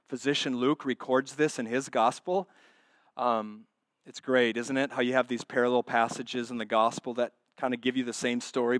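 A man preaching a sermon as pastor, moving between quiet asides and loud, emphatic passages, with repeated rhetorical questions to the congregation. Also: a little high, no echo, studio quality.

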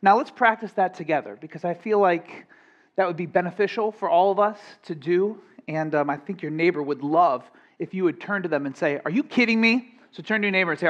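A male pastor preaching a sermon, energetic and playful, with strong emphasis and jokes for the congregation. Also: fairly high pitch, muffled recording.

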